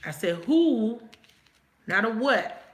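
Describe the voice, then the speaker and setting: A woman's voice: on the high side, big pitch swings, takes it slowly, echoey room, a little hiss or hum. A woman reading tarot cards in a casual live chat, swearing now and then and laughing often as she talks to viewers. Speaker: tarot reader.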